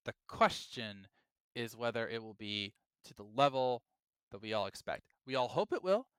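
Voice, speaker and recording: Man, podcast co-host, casual chat, bright and crisp voice, dry sound, excitable. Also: medium pitch, moderate pace, no echo. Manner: excitable, acts out reactions in quoted voices.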